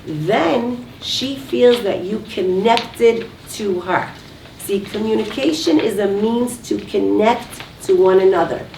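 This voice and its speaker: Speaking slowly in a creaky, slightly mellow mid-range voice, a woman coaches a live audience in a communication workshop and asks them to shout out answers. She's captured from far off in an echoey room with faint background noise.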